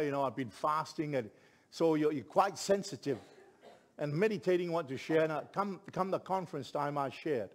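A middle-aged man, a pastor telling a story in a sermon with lively, building delivery. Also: on the high side. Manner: animated storyteller, rising to shouts at climaxes.

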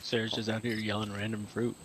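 A man in casual gaming chat who teases his friends and shouts now and then. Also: on the low side, level tone, brisk, very noisy. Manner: teasing, swearing, loud outbursts. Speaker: game streamer.

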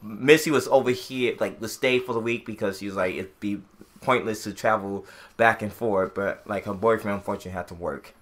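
A man from Illinois co-hosting a podcast, telling a long, animated story in casual chat with many restarts. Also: fairly low pitch, a little fast. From Illinois, USA. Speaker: podcast co-host.

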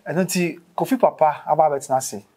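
A man's voice: on the high side, quick pace, warm tone, soft background music. A Ghanaian man hosting an interview, opening the show and asking short follow-up questions. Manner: brief prompts and follow-up questions.

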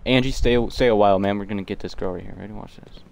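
A man's voice: lowish voice, fairly even intonation, rapid-fire, vocal fry. A young man casually live-streaming a game, joking with chat and bantering playfully with in-game characters.

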